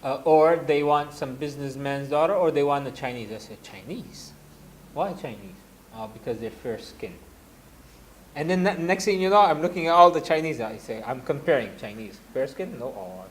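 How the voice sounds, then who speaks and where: Man, religious teacher, storytelling lecture, slightly high voice, faint classroom hum. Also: a little fast. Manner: anecdotal, animated, laughing asides.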